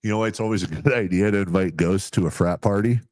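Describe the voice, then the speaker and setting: A man's voice: lowish voice, quick pace, a little mellow, no echo, clean studio sound. A man co-hosting a sports radio show in casual banter, joking and telling corny dad jokes.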